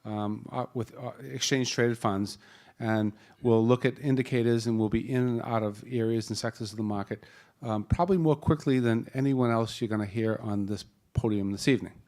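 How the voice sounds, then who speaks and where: This man, who has a Boston accent, is moderating a live panel in a conference hall and talking into a handheld mic. His voice is medium-pitched and darkish, with fairly even intonation and a fairly quick pace, as he jokes, rambles through introductions, and keeps restarting.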